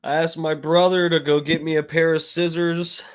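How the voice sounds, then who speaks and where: A grieving man streaming live, talking in a halting way with many restarts and curses. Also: on the high side, level tone. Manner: halting, full of restarts and swearing. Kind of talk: casual livestream talk.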